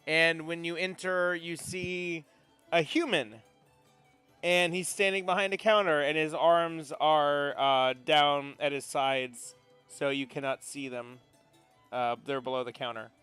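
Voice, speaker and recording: Male game master, bright and crisp, a bit high, casual narration. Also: steady tone, measured pace, no room sound, soft background music.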